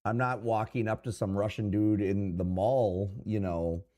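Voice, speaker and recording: A man chats as a guest on a live stream in a fairly low voice. His manner is laid-back and plain-spoken, and he makes his points with everyday examples. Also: steady tone, measured pace, mellow. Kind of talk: casual live-stream chat.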